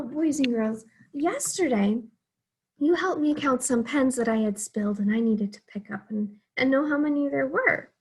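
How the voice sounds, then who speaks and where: A woman's voice: high-pitched, husky. A young woman teaching a math lesson to small children, counting aloud in an encouraging, sing-song way.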